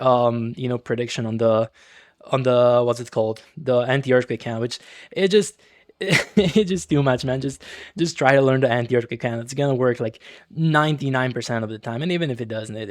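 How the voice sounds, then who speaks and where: A man's voice: mid-range voice, no room sound, clean studio sound. A young man giving casual, rambling commentary over his own gameplay, full of slang, fillers and restarts. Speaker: gaming channel host.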